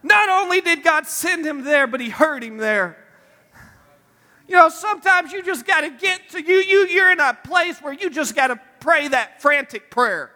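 A man preaching a sermon in a church, building from quiet reflection to shouted, pleading prayer. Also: very high-pitched, animated, moderate pace, big-room sound. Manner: impassioned, rising to shouted pleading.

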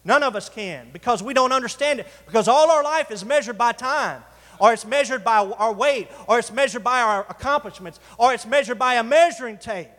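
A man's voice: very high-pitched, fairly bright tone. A man preaching a sermon to his congregation, calling for responses and stretching out key words for emphasis. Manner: preaching with call-outs to the congregation, drawn-out emphasis. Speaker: pastor. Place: church sanctuary. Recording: reverberant church hall.

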